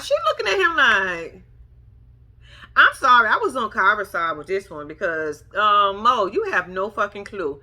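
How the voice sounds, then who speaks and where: At a measured pace and medium pitch, a young woman delivers a casual reality TV recap. Her tone is sassy and animated, full of mocking impressions of the people she describes.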